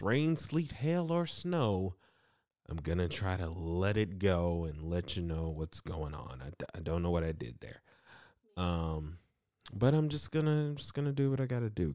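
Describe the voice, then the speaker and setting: A deep, dark-toned man hosts a casual solo podcast, chatting upbeat and chummy with plenty of ums and self-mocking asides. The sound is close and dry, with no room around it. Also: dry recording. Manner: rambling, filler-heavy, self-mocking asides; upbeat, chummy, addresses listeners as man and guys. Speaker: podcast host.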